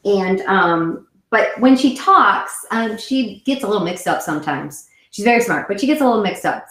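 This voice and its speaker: A woman in her thirties hosts a casual live show for mothers, talking straight to camera in a loose, rambling way that keeps correcting itself. Her voice sits at an ordinary middle pitch. The room around her is noticeably echoey. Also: fairly bright tone. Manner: chatty, rambling, self-correcting. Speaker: host of a live web show for moms. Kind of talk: casual solo chat to camera.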